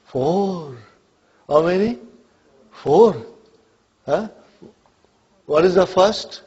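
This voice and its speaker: A man's voice: a little high, lively intonation, drawn-out words, pauses often, darkish tone, husky, dull audio. A man teaching an Arabic grammar class, often asking whether students follow and calling on them by name. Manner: checks understanding often, calls on students by name.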